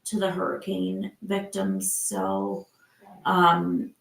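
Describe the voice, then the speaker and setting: A woman's voice: lowish voice, sing-song, slow, gravelly, reverberant, background noise. An older woman from Michigan hosting a casual live chat, rambling with lots of fillers and restarts. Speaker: live stream host.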